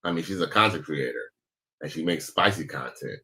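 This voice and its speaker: A man's voice: extremely low pitch, lively intonation, a little fast, pushed and bright. A man hosting a reaction video, talking in a laid-back, slangy way. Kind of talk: casual reaction commentary.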